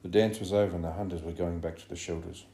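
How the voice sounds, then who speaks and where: Deep, dark-voiced male narrator. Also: steady tone, quick pace. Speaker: audiobook narrator. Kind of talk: scripted narration. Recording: roomy echo.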